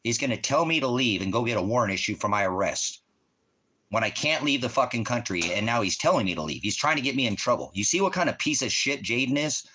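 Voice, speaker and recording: Angry guy on a livestream cussing out someone in chat, sharp forceful voice. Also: medium pitch, animated, fast, slight background noise. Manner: profane, confrontational, yelling accusations. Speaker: livestream host, veteran. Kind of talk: livestream rant at a chat viewer.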